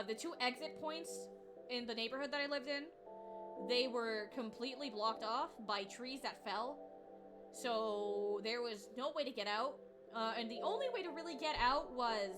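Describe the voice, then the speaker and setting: A woman's voice: fairly high pitch, moderate pace, over music. A young woman streamer telling stories in casual chat, swearing often, rambling and laughing as she goes.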